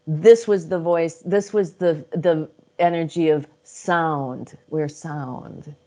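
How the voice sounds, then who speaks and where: A woman's voice: low voice, slow, warm tone. A middle-aged woman speaking as an interview guest, telling her stories casually, laughing often and acting out quotes. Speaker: interview guest, psychic channel.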